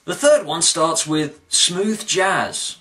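A man's voice: on the high side, animated, slow pace, far from the mic. A man giving a comic video review in a mock-dramatic way, breaking into exaggerated outbursts. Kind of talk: comic commentary.

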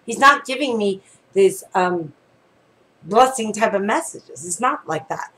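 A woman's voice: medium pitch, animated, unhurried, a bit bright, rough recording. A woman prophetess preaching on a live stream, reading scripture earnestly and then talking in a chatty, conversational way with asides and prayers. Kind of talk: casual devotional talk with reading and prayer.

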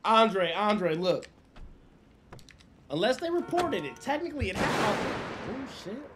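High-pitched guy streaming gta rp, cussing and rambling casual to his crew. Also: sing-song, unhurried, background noise. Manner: swears freely, laughs while explaining. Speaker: roleplay game streamer. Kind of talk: casual livestream chat.

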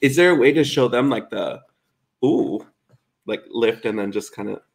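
A man co-hosting a live cooking stream from a home kitchen, chatting in a lively, exclamation-filled way. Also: medium pitch. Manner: chatty and animated, quick exclamations. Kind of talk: casual live-stream chat while cooking.

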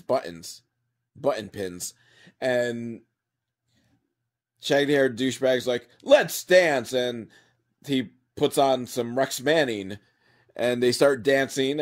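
A man giving a rambling, profane and mocking recap of a movie as a comedic reviewer. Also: medium pitch. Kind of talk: sarcastic movie recap monologue.

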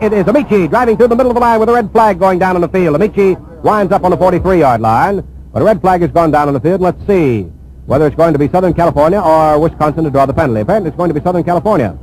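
A man giving live radio play-by-play of a football game, calling each play in a brisk, steady flow. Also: fairly high pitch, rough recording. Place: press box at a stadium.

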